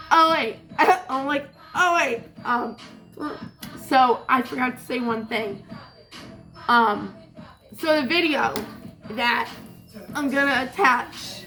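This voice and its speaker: A woman's voice: a little high, unhurried, over music. A woman telling a rambling story in a casual vlog, laughing often and swearing freely. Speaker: vlogger.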